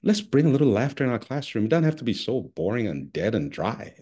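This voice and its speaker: A middle-aged man giving an expressive conference keynote over a video call, calling on listeners by name. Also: mid-range voice, quick pace, breathy edge. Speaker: keynote speaker.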